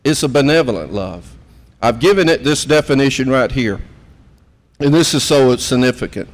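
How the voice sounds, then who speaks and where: A man's voice: mid-range voice, animated, moderate pace, big-room sound. A man in his fifties preaching a conversational sermon and putting questions to the room. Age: 50s. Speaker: pastor.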